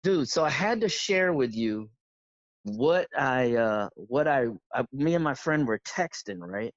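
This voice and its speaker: A man's voice: mid-range voice, expressive, unhurried, no echo, muffled recording. Hyped-up man calling in. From Florida. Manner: hyped, rambling storyteller. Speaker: caller. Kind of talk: excited phone-in chat.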